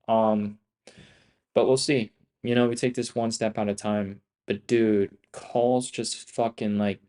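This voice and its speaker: A young man streaming his day trading live, talking in a profane, excitable, rambling way and repeating himself. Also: medium pitch.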